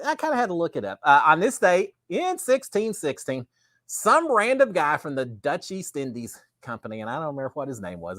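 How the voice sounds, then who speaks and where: A middle-aged man with a drawl hosts a relaxed live show, chatty and rambling. His pitch swings up and down a lot. The sound is dry and close. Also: dry recording. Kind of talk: casual live-stream chat.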